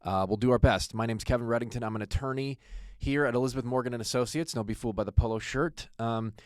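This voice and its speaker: An American man opens his podcast in a loose, joking, self-deprecating manner, often pausing on filler words. His voice sits at an ordinary middle pitch. The sound is dry and close, with no room echo. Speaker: podcast host, attorney. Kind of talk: casual podcast introduction.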